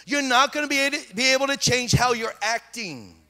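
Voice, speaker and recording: A man preaching a sermon as pastor, animated and repeating phrases, in a church hall. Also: very high-pitched, fairly quick.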